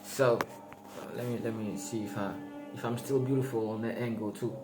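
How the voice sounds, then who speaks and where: A man's voice: mid-range voice, steady tone, normal speed. Guy rambling about spirituality to camera, slangy, keeps cracking himself up, music playing behind. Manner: rambling, laughs at his own jokes, slangy. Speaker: spiritual vlogger. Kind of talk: casual spiritual monologue. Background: background music.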